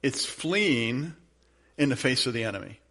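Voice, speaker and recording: A man pastor preaching at a middling pitch. He tells stories in a loose, conversational way and leads prayer in a soft voice. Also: lively intonation, measured pace. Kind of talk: sermon.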